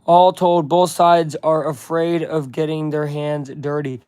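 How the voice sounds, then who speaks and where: A man putting on the voice of a measured, menacing male crime boss while reading game dialogue aloud. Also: on the high side, flat delivery, darkish tone, clear, resonant tone, no room sound, close to an everyday voice.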